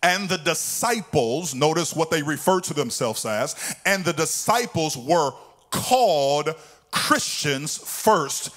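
Man preaching with a sung cadence. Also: takes it slowly. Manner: calm, low teaching voice. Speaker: pastor. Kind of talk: sermon.

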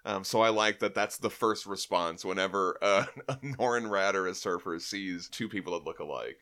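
Casting note: animated male podcast host, bright tone, casual comic recap. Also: sits low, normal speed. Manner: animated, acts out quotes.

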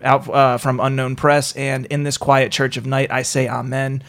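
A man's voice: mid-range voice, level tone, moderate pace, creaky. Joking male podcast host. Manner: joking, swearing, laughing often. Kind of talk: casual podcast chat.

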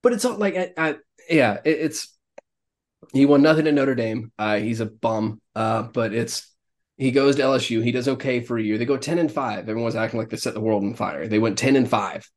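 Opinionated man riffing on football. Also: medium pitch. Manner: opinionated, rambling, quick to laugh. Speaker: podcast co-host. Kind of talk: casual sports chat.

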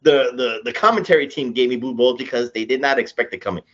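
A man co-hosting a casual wrestling podcast, opinionated and animated, often starting points with "again.". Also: mid-range voice, fast, highs cut off. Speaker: podcast co-host.

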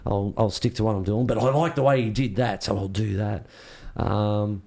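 A man's voice: lowish voice, fairly even intonation, normal speed, gravelly, darkish tone. A man with an Australian accent, a surfboard shaper, telling rambling stories in a casual interview and acting out the reactions he quotes.

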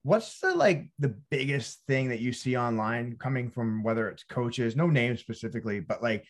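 A man hosting a podcast who also works as a personal trainer. He talks casually and a little haltingly, stopping and restarting, with the odd swear. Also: mid-range voice, animated.

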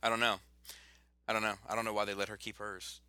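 A man in casual chat, profane and animated, with quick bursts of excitement. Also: on the low side, smooth, no room sound.

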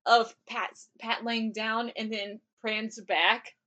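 Bright-voiced chatty woman co-host. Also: on the high side, takes it slowly, lo-fi sound. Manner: chatty, animated, acts out quotes with laughs. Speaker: podcast co-host. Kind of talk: casual chat recapping a drama.

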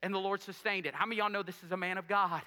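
A man's voice: sits high, fairly even intonation, racing, sharp tone, big-room sound. A male preacher delivering a sermon, asking the congregation rhetorical questions and making joking asides.

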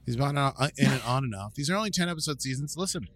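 Animated man recapping a TV episode. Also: mid-range voice, racing. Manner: animated, acts out quotes in voices. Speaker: podcast co-host recapping an episode.

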